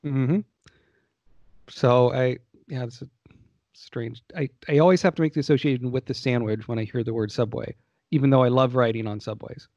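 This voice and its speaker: A man's voice: medium pitch, fairly even intonation, normal speed, darkish tone, dry recording, highs cut off. A man co-hosting a casual podcast chat about old games, rambling and joking with many restarts. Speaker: podcast co-host.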